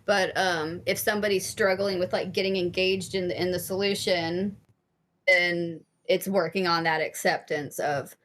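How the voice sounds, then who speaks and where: A woman's voice: on the low side, fairly even intonation, moderate pace, fairly bright tone, a little hiss or hum. Picture a woman guest on a laid-back podcast interview, a therapist and life coach. She talks openly and candidly, swears now and then, and leans on plenty of fillers as she explains her ideas. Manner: frank and candid, casual swearing, many fillers.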